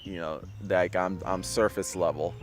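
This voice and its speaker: A man's voice: deep voice, fairly even intonation, moderate pace, soft background music. A man hosting a casual discussion outdoors, hesitant with many fillers and restarts, laughing often. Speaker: discussion host. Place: outdoors, drizzling.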